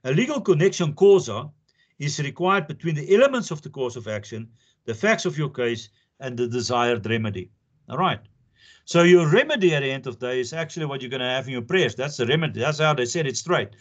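In a recorded law lecture, a man teaches conversationally, repeating his points for emphasis. His medium-pitched voice has lively intonation and moves a little fast, and the high frequencies are cut off.

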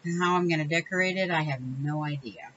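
A woman's voice: low-pitched, fairly quick, fairly bright tone, muffled recording, slight background noise. A woman hosting a casual crafting video, chatting in a rambling, self-correcting way with small laughs. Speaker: crafting channel host. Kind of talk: casual crafting tutorial chat.

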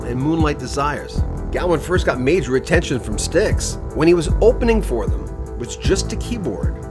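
A man hosting an interview, reading a scripted introduction before asking questions. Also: on the high side. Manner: reads a bio script, then halting questions. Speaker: interview host. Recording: faint music behind voice.

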